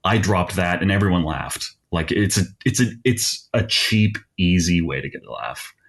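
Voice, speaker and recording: A young man chatting as a podcast guest, relaxed and wry with self-deprecating humor. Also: low voice, normal speed, gravelly. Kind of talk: casual chat.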